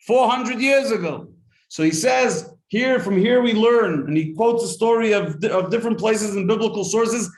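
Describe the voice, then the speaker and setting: A man, a rabbi, teaching a lively Torah class to a live group, telling stories, asking rhetorical questions and translating Hebrew quotes as he goes. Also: very high voice, echoey room.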